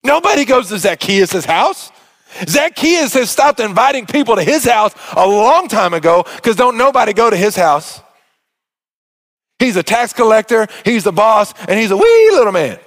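A man preaching a sermon, retelling a Bible story in a conversational way, often dropping soft and low. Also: big pitch swings, normal speed.

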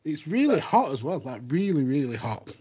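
A man's voice: a little high, big pitch swings, moderate pace, dark tone, slightly rough. A man hosting a casual comedy podcast, with dry, teasing humour. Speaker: host. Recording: dull lo-fi sound.

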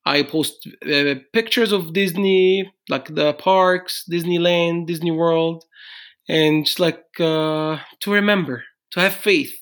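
A man's voice: on the high side, takes it slowly. A man hosting a podcast, signing off in a loose, rambling way with many fillers. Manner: relaxed, rambling sign-off with fillers. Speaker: podcast host. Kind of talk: casual podcast chat.

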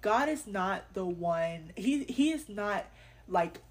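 A woman's voice: medium pitch, animated, slow pace. A young woman hosting a faith podcast, talking candidly and earnestly in casual slang, sometimes laughing. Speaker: podcast host.

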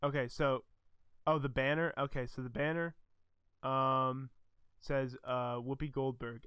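A man hosting a podcast in casual chat, tired after work, reading aloud haltingly and laughing often. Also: mid-range voice, fairly even intonation, fairly bright tone, clear, resonant tone, no room sound, clean studio sound. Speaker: podcast host.

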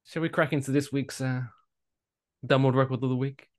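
A man's voice: mid-range voice, flat delivery, brisk, a little mellow. A man co-hosting a casual comedy podcast, swearing freely and ranting in mock outrage. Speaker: podcast co-host.

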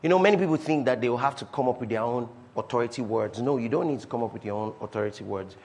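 Speaking fast in a mid-range voice, this pastor delivers an emphatic sermon built on repeated refrains, shifting from loud proclamations to hushed asides.

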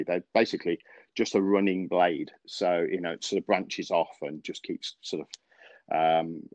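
Low and darkish, this man's voice comes through in a dry, dull lo-fi podcast recording. He is a golf coach hosting a golf podcast, telling stories in casual, rambling chat full of fillers and restarts, with frequent laughter.

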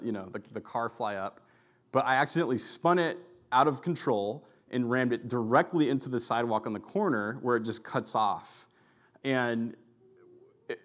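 A man preaching a sermon, telling a personal story in a chatty way with many fillers before moving into scripture. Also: mid-range voice. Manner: chatty storyteller, heavy use of "like". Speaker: pastor.

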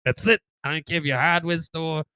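A man's voice: fairly high pitch, steady tone, fast, bright, forceful tone, smooth, no room sound. A man co-hosting a podcast in casual chat, crude and joking, laughing often. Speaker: podcast co-host.

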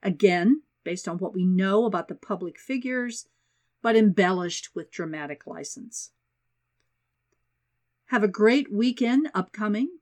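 A woman hosting a podcast, narrating a story excerpt in a friendly, measured way. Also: medium pitch, animated, darkish tone. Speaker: podcast host.

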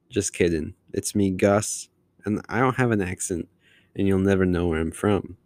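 A man's voice: low voice, moderate pace, darkish tone, dry recording, clean studio sound. A man hosting his podcast alone, talking casually in a long-winded, rambling way. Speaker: podcast host. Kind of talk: casual solo monologue.

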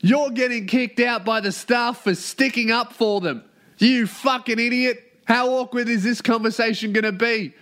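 A man imitating a brash male comedian mockingly roasting a heckler onstage, in a loud, cutting voice. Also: extremely high pitch, fairly even intonation, normal speed, voice pushed up.

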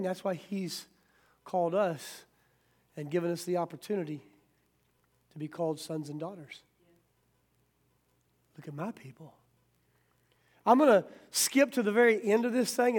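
High-voiced preaching man. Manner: conversational preaching with sudden loud rises; folksy, plainspoken. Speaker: pastor. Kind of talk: sermon.

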